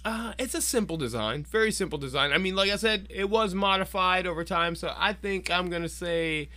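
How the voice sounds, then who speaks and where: A man's voice: high voice, brisk, bright, forceful tone, dry recording. A man co-hosting a podcast in casual banter, laid-back and agreeable, cursing now and then. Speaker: podcast co-host.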